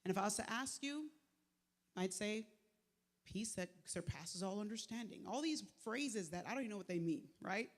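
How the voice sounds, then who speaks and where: A woman giving a live motivational faith talk, conversational and lively, with slangy asides to the crowd. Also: mid-range voice, normal speed. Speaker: speaker at a faith event. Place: large venue, live event. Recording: echoey hall with long reverb.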